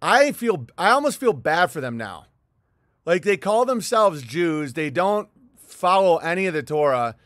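A man's voice: sits high, very animated, measured pace, a bit bright, dry recording, studio quality. Heated middle-aged man ranting. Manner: heated, profane, rambling with restarts. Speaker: livestream host. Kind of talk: rambling livestream monologue reading viewer chats.

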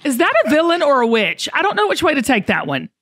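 Brief: middle-aged woman host, fairly high voice, folksy and emphatic. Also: very animated, quick pace, a bit bright. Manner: folksy, emphatic, repeats herself. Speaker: podcast host. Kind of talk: casual podcast talk.

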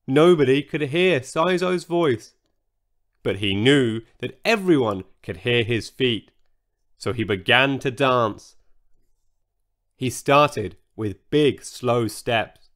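A man reading a children's story aloud in an animated, expressive storytelling manner. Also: mid-range voice, slow, long pauses.

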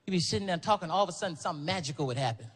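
A man doing stand-up storytelling, animated and profane, full of exclamations. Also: on the high side, rapid-fire. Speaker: stand-up comedian. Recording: noisy live stand-up recording.

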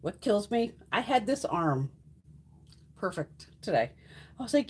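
Chatty, lively woman, swears freely. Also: mid-range voice, normal speed, long pauses, slightly rough. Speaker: beauty livestream host. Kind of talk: casual livestream chat. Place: home makeup room.

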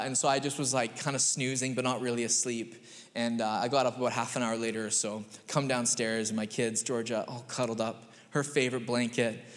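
A man in his thirties, a pastor giving a chatty, story-driven sermon. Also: medium pitch. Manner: chatty, storytelling, animated voices. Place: church sanctuary. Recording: long church-hall reverb.

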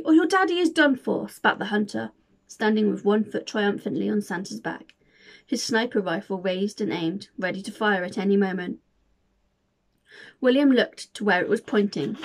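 Gravelly-voiced woman reading a storybook aloud. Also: mid-range voice, normal speed. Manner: expressive, dramatic storytelling. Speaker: volunteer reader.

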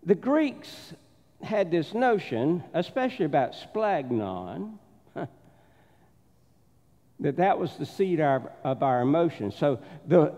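A man's voice: fairly high pitch, a little mellow. A man with a Southern accent preaching a sermon as pastor, telling stories and doing the voices of the people in them. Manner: storytelling, acts out the voices in his anecdotes. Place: church sanctuary. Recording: dull sound with long church reverb.

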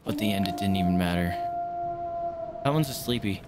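Low-pitched and a little fast, this streamer is heard through heavy background noise. He gives casual commentary on his gameplay, talking with viewers and yelping and cursing excitably as he plays.

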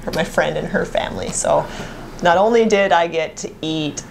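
A woman's voice: lowish voice, normal speed, vocal fry, slight background noise. A woman co-hosting a casual store talk show, cheerful and giggly. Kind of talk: casual chat.

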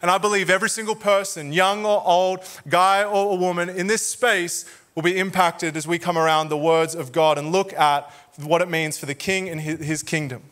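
Australian man, pastor, high voice, bright and forceful tone, chatty joking sermon. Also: steady tone, normal speed, few pauses. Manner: joking, conversational preaching to a crowd. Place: church auditorium.

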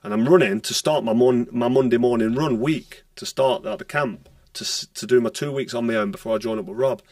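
A retired boxer, telling stories bluntly in a casual podcast chat and swearing freely. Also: male voice, mid-range voice, a little fast, darkish tone, no echo, studio quality, distant mic. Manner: blunt, swears freely, acts out quoted dialogue.

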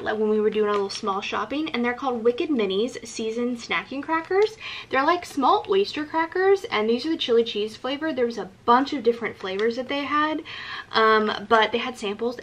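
A woman's voice: fairly high pitch, fairly bright tone, a little hiss or hum. A young woman vlogger chatting casually about gifts she picked, with lots of ums and likes and eager enthusiasm. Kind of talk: casual gift show-and-tell.

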